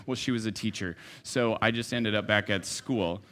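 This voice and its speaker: A man preaching a sermon in a conversational, storytelling way, dropping to soft asides and rising to emphatic lines. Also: on the low side, normal speed. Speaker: pastor.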